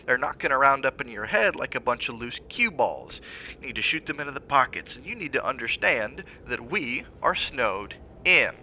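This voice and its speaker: A man's voice: on the low side, highs cut off, a little hiss or hum. A man reading as a bitter sarcastic husband. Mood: angry. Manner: sarcastic, clipped, then measured and soft. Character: tense, bitter husband, sarcastic and short-tempered.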